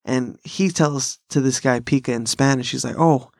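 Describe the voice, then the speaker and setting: A man rambles through stories on his podcast, swearing freely. His voice sits at a middle pitch. The sound is dry and close, with no room around it. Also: moderate pace, creaky, no room sound. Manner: profane, rambling bro-style storytelling with frequent laughs. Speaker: podcast host. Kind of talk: casual chat.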